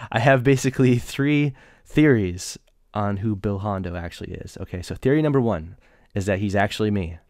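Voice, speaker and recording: Joking self-deprecating podcast host, low voice. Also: male voice, moderate pace, a little mellow, no room sound, clean studio sound. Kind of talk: casual podcast monologue and interview.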